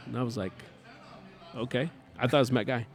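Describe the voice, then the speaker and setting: This podcast guest, a cornhole player, has a gravelly mid-range voice and talks a little quickly. Appearing on a talk show, he tells an animated, casual story, performing pieces of the dialogue.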